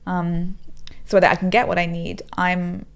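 A woman's voice: on the low side, level tone, a little slow. A woman co-hosting a casual podcast chat, candid and storytelling, with the odd swear. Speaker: podcast co-host.

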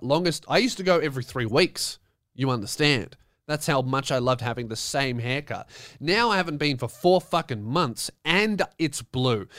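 Smooth-voiced profane podcast host. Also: male voice, fairly high pitch, fairly bright tone, no room sound, clean studio sound. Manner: profane, rambling, mock-indignant. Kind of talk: casual solo podcast rant.

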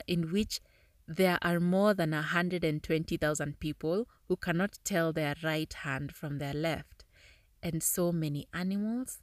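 Female podcast host, casual and talkative, lowish pitch, dry close mic. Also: a little slow, dry recording. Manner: chatty, laughs often while reading aloud. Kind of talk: casual podcast reading and reflection.

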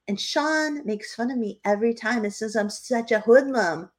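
A woman's voice: a little high, normal speed. A woman from New Hampshire co-hosting a podcast, telling stories in casual chat and laughing often. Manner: lively storyteller who laughs often. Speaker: podcast co-host.

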